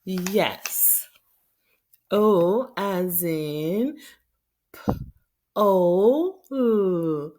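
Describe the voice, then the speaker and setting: A middle-aged Haitian woman teaching young children phonics, sounding out letters and words slowly and clearly. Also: mid-range voice, animated, darkish tone.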